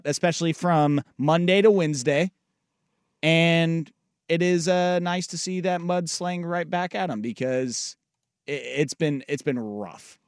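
A man's voice: fairly high pitch, clean tone, no echo, clean studio sound. A man co-hosting a sports radio show, talking casually with frequent ums and uhs. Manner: hesitant, lots of ums and uhs.

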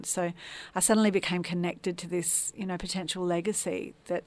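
A woman's voice: lowish voice, fairly even intonation, fairly quick, a little mellow. A woman from Tasmania, a podcast guest, telling her personal story in an earnest, reflective way. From Tasmania, Australia.

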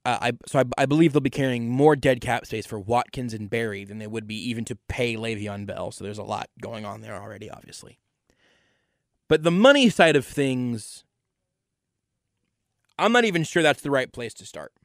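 A man's voice: mid-range voice, normal speed, dry recording, studio quality. A man hosting a sports podcast, giving an opinionated solo analysis and repeating words for emphasis. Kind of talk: solo football analysis monologue.

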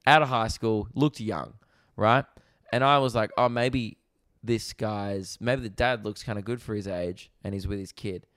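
A young Australian man, a comedian and podcast host, telling stories in an animated, rambling way with plenty of swearing, in a casual chat recorded in a rented apartment. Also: fairly low pitch, measured pace, hardly any pauses, no room sound, clean studio sound. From Victoria, Australia.

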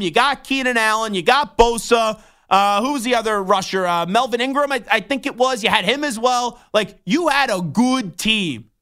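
A man hosting a sports talk radio show from a studio, telling animated, rambling stories. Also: sits high. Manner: animated storytelling with rambling restarts.

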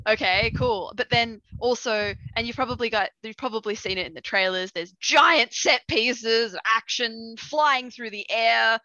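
Bright, animated woman. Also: on the high side, a little slow, few pauses, dry recording, dull audio. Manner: animated, jokey storyteller. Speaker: co-host of a gaming show. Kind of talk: casual review chat.

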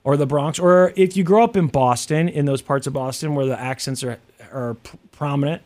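A man's voice: a little high, normal speed, darkish tone. A man with a Midwestern American accent, co-hosting a casual chat, musing aloud with lots of fillers and restarts. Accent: General American Midwest. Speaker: co-host.

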